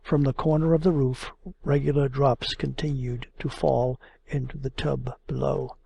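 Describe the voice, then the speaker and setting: A man reads classic literature aloud in a measured, expressive audiobook narration. His mid-pitched voice is heavily gravelly and husky.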